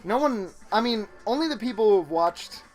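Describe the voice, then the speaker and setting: A giggly woman rambles jokingly while commenting on a video game. Her voice has a medium pitch and swings up and down in a lively way. Faint game music plays in the background. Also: normal speed. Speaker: let's play co-host. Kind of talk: casual gaming commentary.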